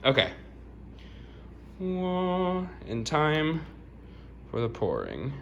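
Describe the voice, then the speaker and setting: Young man, casual kitchen vlog, bubbly and self-deprecating, very animated pitch, faint hiss behind. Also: a little slow, dull audio. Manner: bubbly, self-mocking, laughs often. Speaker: vlogger. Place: home kitchen.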